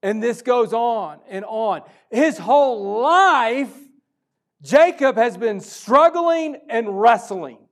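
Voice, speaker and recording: A male pastor preaching a sermon, moving between loud urgent stretches and hushed, intimate ones. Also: very high-pitched, lively intonation, slow pace.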